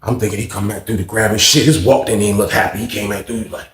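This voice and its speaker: A man's voice: on the low side, quick pace, echoey room, a little hiss or hum. A man telling a story in a casual, profane way, acting out his own lines with big jumps in voice. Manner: animated, profane, acts out his own quotes.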